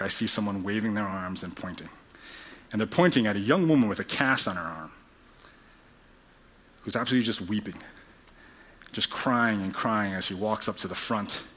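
Pastor, male, bright tone, earnest sermon storyteller. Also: fairly low pitch.

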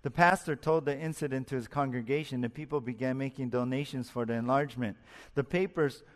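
A man's voice: mid-range voice, fairly even intonation, fairly quick, in a large hall. A man preaching a sermon as a pastor, earnest, rising and dropping his voice for emphasis and asking his listeners questions.

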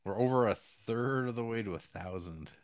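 A man's voice: lowish voice, moderate pace, dry recording. A man co-hosting a podcast, trading dry, jokey banter in casual chat. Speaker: podcast co-host.

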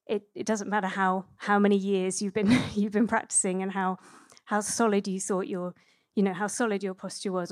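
Chatty woman giving a relaxed sermon. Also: medium pitch, no room sound, clean studio sound. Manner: chatty and relaxed, with many fillers and self-corrections. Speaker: preacher. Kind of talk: conversational sermon.

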